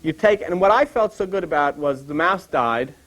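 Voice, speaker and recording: An older man teaching from the Bible in a loose, rambling way and wandering into personal anecdotes. His voice sits high for a man and swings widely up and down as he tells stories. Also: moderate pace. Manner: animated, digressive storyteller.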